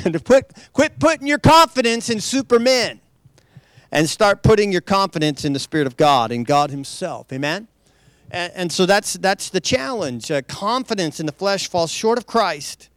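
Between points of his conversational sermon, a high-voiced preacher laughs lightly; his expressive, fairly bright voice moves at an unhurried pace. The recording is dry, and his delivery is loose and chatty, with many restarts and asides.

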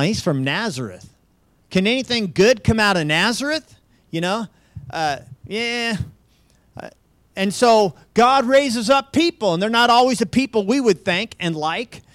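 A pastor teaching a Bible study in an informal, conversational way, often checking in with listeners and restarting phrases. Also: male voice, sits high, expressive, a little slow, no echo. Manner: chuckles lightly, restarts phrases. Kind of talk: conversational sermon with slides.

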